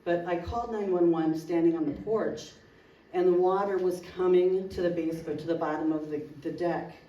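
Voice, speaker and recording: A woman's voice: fairly low pitch, steady tone, moderate pace, dark tone, lo-fi sound. A woman, a local resident, telling an emotional personal story at a community meeting, acting out the dialogue vividly. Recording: roomy hall, distant mic, faint noise.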